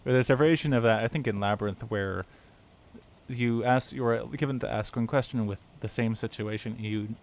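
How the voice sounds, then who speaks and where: A man casually commenting on a game he plays, chatty and laughing often while reading text aloud. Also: on the low side. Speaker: let's play gamer. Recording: steady background noise.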